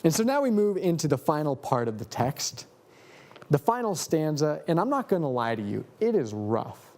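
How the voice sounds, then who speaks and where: A male pastor telling a story in a sermon, with dramatic pauses and a storytelling manner. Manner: slow, dramatic pauses, lively pitch.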